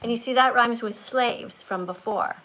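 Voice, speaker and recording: An older woman hosts a livestream, speaking like a strict teacher who corrects and lectures. Her voice is a little high and fairly bright, her pace normal, and the recording quality is rough.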